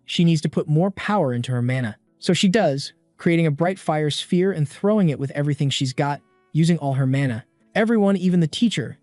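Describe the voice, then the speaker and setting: A man's voice: a little high, darkish tone, dry recording. Casual male recap narrator, dry close mic. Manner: casual storytelling, brisk summary tone. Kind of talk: scripted narration. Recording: dry close voice-over with faint music.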